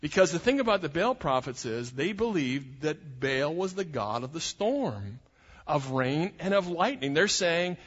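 A preacher in a man's voice, pitched slightly high, retells scripture as a lively story. The sound is dull and muffled. It rings with the long reverb of a large hall. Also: moderate pace, husky. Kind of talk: sermon.

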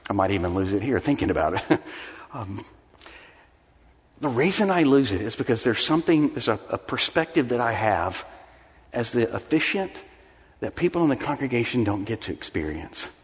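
A man preaching a sermon as pastor, expressive and building in intensity as he stresses his points. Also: medium pitch, normal speed, in a large hall.

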